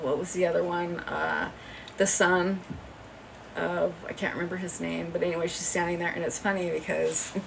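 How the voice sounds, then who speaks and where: Recorded on a distant phone mic with a little hiss or hum and poor audio, a livestream host speaks in a fairly low, creaky voice. She rambles chattily through a gossipy story, laughing frequently.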